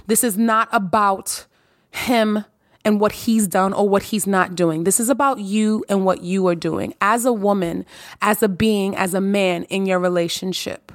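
A woman's voice: mid-range voice, fairly even intonation, measured pace, no room sound, clean studio sound. A woman hosting a solo podcast, talking emphatically and preaching, repeating phrases for effect. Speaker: podcast host.

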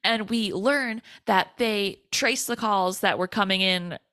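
A woman's voice: mid-range voice, takes it slowly, sharp tone. A woman with a mid-range voice co-hosting a casual podcast. She recaps scenes with enthusiasm, laughing easily and tossing in quoted lines. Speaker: podcast co-host. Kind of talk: casual chat recapping a film.

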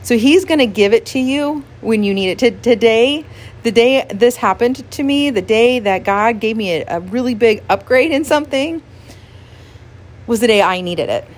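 A pastor's wife giving a casual, earnest devotional talk to listeners, emotional and quick to laugh, with many "like" fillers. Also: female voice, fairly high pitch, expressive.

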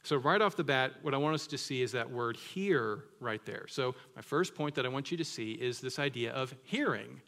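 Guy preaching a sermon, chatty, keeps saying right?, gets loud and punchy on the big words. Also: medium pitch, moderate pace, creaky, hardly any pauses. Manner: conversational, keeps asking "right?"; rises to emphatic peaks on key words. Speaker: pastor.

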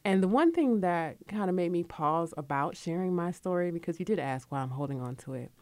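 Low-voiced reflective woman. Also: lively intonation, a little fast, darkish tone, no room sound. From Connecticut, USA. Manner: reflective, chatty storytelling. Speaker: radio show guest, author. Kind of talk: casual radio interview talk.

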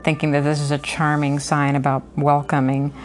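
Woman, low voice, reads a novel aloud, chatty asides, lots of fillers, recording app, soft music behind. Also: monotone, normal speed. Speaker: podcast reader and commentator. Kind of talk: reading a novel aloud with casual commentary.

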